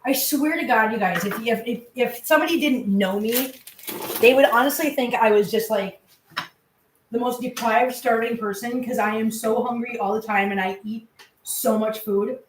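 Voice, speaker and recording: A chatty woman talks her way through cooking dinner, her voice pitched a little high. She sits back from the mic in an echoey kitchen, with soft clicks and faint noise behind her. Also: moderate pace, distant mic. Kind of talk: casual chat while cooking. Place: home kitchen.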